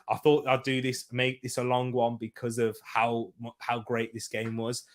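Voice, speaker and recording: A young man hosting his own football channel, giving a casual match reaction in a chatty, jokey way and reading out viewer comments. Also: mid-range voice.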